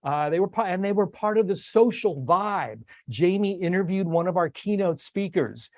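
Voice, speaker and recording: An older man hosts a relaxed talk with a slightly high voice, rambling and restarting his sentences with plenty of fillers. The sound is dry and close, with no room behind him. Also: normal speed, no echo. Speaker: host. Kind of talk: casual recap talk on a video stream.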